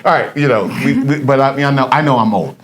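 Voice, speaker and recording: Middle-aged preacher guy on a podcast, animated, acts out little scenes, talks like he's giving a sermon. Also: medium pitch, fast, slight background noise. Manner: preachy, animated storytelling with quoted dialogue. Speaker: pastor and podcast co-host. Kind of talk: casual chat.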